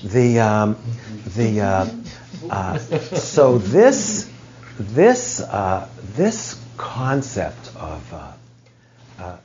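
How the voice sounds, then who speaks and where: A man's voice: lowish voice, big pitch swings, drawn-out words, a little mellow, a little hiss or hum. A man teaching a study group, explaining ideas in a reflective way and sometimes searching for his words. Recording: dull lo-fi recording.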